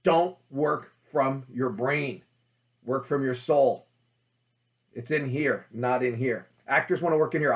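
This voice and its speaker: A man hosting a casual talk about old horror films, emphatic and animated, with many fillers. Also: medium pitch, slow, lo-fi sound. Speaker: host.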